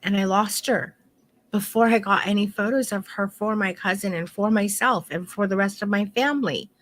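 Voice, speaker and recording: A woman's voice: mid-range voice, normal speed. A middle-aged woman photography instructor teaching an online course in a heartfelt, candid way, swearing now and then.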